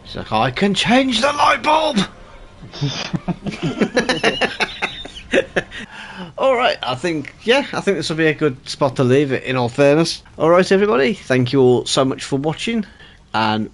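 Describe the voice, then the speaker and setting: A man chatting over a headset while gaming with friends, full of jokes and quick laughs. His voice sits slightly high and leaps around in pitch. He keeps the mood loose and playful. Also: very animated, a little hiss or hum. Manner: playful, laughs often, joking. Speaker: streamer playing a co-op game. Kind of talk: casual gaming banter.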